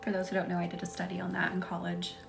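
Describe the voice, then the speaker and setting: Young woman, reiki host on a live stream, chatty and giggly, drifts into whispers, soft music behind. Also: on the low side, monotone, rapid-fire, creaky. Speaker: reiki practitioner hosting a live session. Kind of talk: casual live-stream chat with guided energy work.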